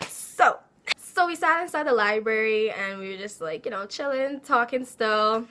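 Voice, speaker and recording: A young woman telling a casual storytime, animated and laughing as she acts out her own quotes. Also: on the high side, normal speed, a little hiss or hum. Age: young adult. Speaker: vlogger.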